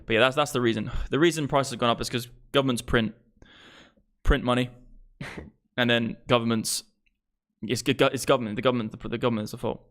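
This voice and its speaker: A man of about thirty, ranting on a live stream. His voice sits at an ordinary middle pitch, and he talks in a blunt, exasperated way, swearing freely and mocking the ideas he argues against. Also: fairly even intonation, brisk, pauses often, a bit bright. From England. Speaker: crypto streamer.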